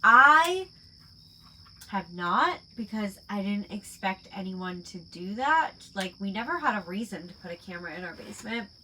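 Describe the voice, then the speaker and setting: A woman's voice: mid-range voice, expressive, normal speed, sharp tone, a little hiss or hum, poor audio. A woman hosting a casual late-night live chat, rambling with lots of fillers as she talks about her small shop. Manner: rambling, full of "like" and "um".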